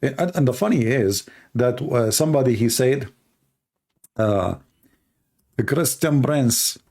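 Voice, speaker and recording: A man with a gravelly, dark-toned voice riffs through a live-stream monologue. He jokes and teases as he talks, stumbling over his grammar and restarting his sentences. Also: mid-range voice. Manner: animated, joking, teasing, with halting non-native grammar. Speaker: live-stream show host.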